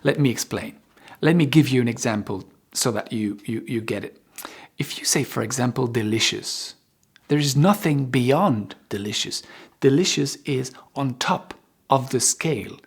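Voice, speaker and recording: Gravelly husky male English teacher. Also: mid-range voice, moderate pace. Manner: explains patiently with many examples and checks "okay?"; lively, upbeat sign-off. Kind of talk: online English lesson.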